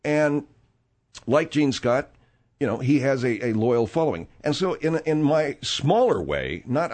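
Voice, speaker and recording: A middle-aged man hosting a talk-radio show, rambling in a casual, animated way with plenty of fillers. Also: mid-range voice.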